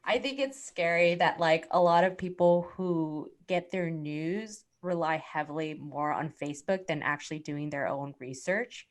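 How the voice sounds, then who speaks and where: A woman on a podcast, speaking in a measured, soft-spoken way during a casual chat. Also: deep voice.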